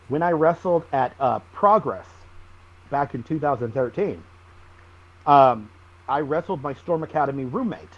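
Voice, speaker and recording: A man, a wrestling guest on a podcast, telling stories in a lively, animated way. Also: a little high, muffled recording. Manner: animated storyteller, acts out shouted quotes. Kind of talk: casual storytelling interview.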